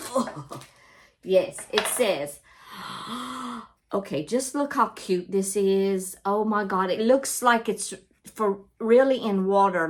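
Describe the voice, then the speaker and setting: Woman host, slow easy delivery, chatty and gushing, casual vlog. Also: medium pitch. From Louisiana, US. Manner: chatty, gushing, talks straight to viewers with lots of "y'all". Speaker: craft and book channel host.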